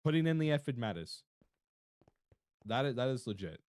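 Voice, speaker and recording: Lively Australian young man streaming. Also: mid-range voice, a little hiss or hum. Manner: rambling, fast and swearing casually. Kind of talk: casual livestream chat to viewers.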